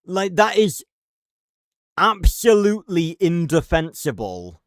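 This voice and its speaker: A man's voice: high-pitched, sing-song, slow pace, no echo, clean studio sound. A man ranting casually on a live stream, rambling and cursing, with lots of fillers and restarts. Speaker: livestreamer.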